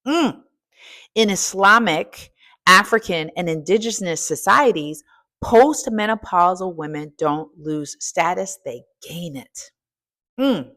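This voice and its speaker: A middle-aged American woman coaching and hosting, talking in an energetic, preachy and casual way, dropping in "y'all" and swinging from soft asides to loud exclaiming. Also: on the low side, slow. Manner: casual colloquial speech with "y'all" and "ain't". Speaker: coach and podcast host. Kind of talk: energetic motivational talk.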